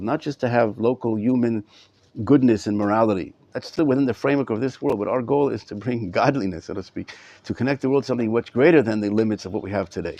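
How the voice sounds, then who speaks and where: A man's voice: mid-range voice, darkish tone. A middle-aged man, a rabbi, teaching a live class to students in a study hall, often repeating words as he thinks aloud. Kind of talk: live Torah class lecture.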